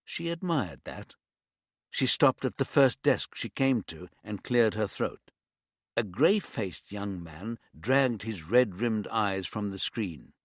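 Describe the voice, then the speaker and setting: A male audiobook narrator with a mid-pitched voice that moves with lively rises and falls. He reads a crime story in a measured way, recorded dry and close with no room sound. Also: no echo.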